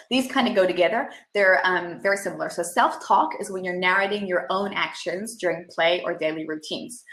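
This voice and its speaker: A woman speech and language therapist giving a webinar presentation and now and then breaking into playful, high, excited sound effects to show parents how. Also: reverberant.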